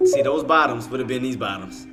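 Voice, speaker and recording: A man giving live commentary on his trading, exasperated, swearing and talking straight to his chat viewers. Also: mid-range voice. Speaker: day trader streaming to viewers.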